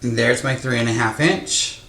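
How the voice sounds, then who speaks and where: A man's voice: mid-range voice, normal speed, a bit bright, echoey room. A man hosting a casual quilting tutorial, chatty and self-deprecating, talking through each step with fillers as he works with his hands. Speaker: quilting teacher, host. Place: sewing room, indoors. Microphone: microphone close to his face.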